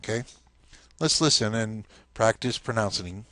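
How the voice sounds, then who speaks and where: Low-voiced man teaching casually. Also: a little slow, fairly bright tone, no echo. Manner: explains step by step, often checks in with "okay?". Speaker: language teacher. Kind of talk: casual spoken lesson.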